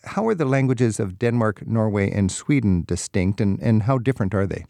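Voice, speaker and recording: A man's voice: on the low side, expressive, normal speed, creaky, mellow, dry recording, clean studio sound. A man hosting a radio talk show, asking questions in a jovial, inquisitive way. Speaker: radio host.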